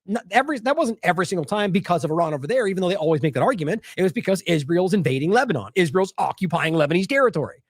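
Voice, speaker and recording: A man giving solo news commentary, sarcastic and animated, mocking the lines he quotes in put-on voices and restarting often as he scrolls his sources. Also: high-pitched, rapid-fire, no room sound, clean studio sound. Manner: talks in bursts with restarts while scrolling sources.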